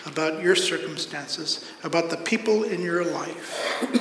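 An earnest pastor reads scripture in his sermon, taking on the voices of God and the prophet. He speaks in a fairly high voice at a measured pace. Recorded in an echoey hall with background noise.

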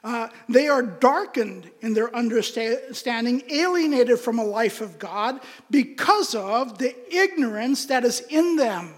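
High-voiced man preaching in a reverberant hall. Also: animated, unhurried, few pauses. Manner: earnest, emphatic preaching. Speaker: pastor. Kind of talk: sermon.

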